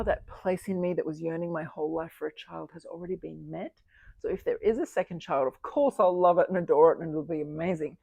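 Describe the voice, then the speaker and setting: Candid fifty-year-old woman with gravelly voice. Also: lowish voice, warm tone, no room sound. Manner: candid, reflective, laughs often while recounting. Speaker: single mother sharing her fertility journey. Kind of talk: personal storytelling to camera.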